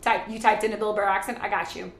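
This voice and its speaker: A woman's voice: medium pitch, steady tone, fast, reverberant. A woman hosting a casual charity live stream from her home kitchen. She chats while cooking, rambles, and greets viewers and reads their chat aloud.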